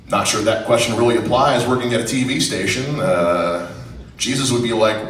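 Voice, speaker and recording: A man's voice: medium pitch, fairly quick, distant mic. A young man doing a profane, self-deprecating stand-up set on a comedy club stage. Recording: roomy club sound from afar, faint noise.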